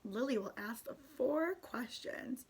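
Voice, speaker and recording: A woman voicing a kindly but firm father leading a holiday meal, with a calm, commanding tone. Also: fairly high pitch, a little slow, husky, heavily acted.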